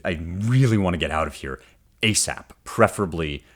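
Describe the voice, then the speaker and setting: A man with a low voice talks through a classic poem as a podcast host. He sounds casual and animated, drops wry asides, and keeps checking in with his listeners. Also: normal speed. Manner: conversational, often checks in with "right?"; wry and animated, reads passages aloud then unpacks them.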